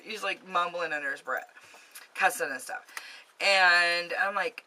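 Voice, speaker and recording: A woman's voice: lowish voice, fairly even intonation, unhurried, sharp tone. A woman telling a ghost story to camera in a casual, rambling way, filled with fillers, recorded in her home basement. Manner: chatty, rambling, with many fillers. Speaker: vlogger telling ghost stories.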